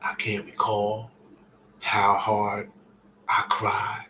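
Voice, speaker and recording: A man with a fairly low voice recounts a painful personal story straight to his audience. His speech is casual and peppered with profanity, sinking to near-whispers before rising again. A faint background hiss runs under the recording. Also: monotone, drawn-out words, poor audio. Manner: drops to near-whispers and rises to shouts while retelling. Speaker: vlogger sharing a personal story. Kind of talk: emotional personal storytelling to camera.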